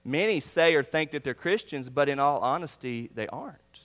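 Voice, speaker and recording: A male pastor preaching a sermon, earnest, swinging from loud emphasis down to hushed, near-whispered lines. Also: a little high, expressive, normal speed. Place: church sanctuary. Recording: long reverb of a church hall.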